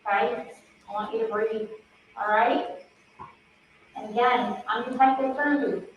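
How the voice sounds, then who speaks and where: A woman speaks gently and coaxingly, urging someone to breathe in short repeated phrases, her voice sitting a little high. The bedside recording is distant and echoey, muffled, with faint noise behind it. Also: fairly even intonation, unhurried. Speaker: investigator interviewing a hospital patient. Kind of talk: bedside interview recording played in court. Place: hospital room.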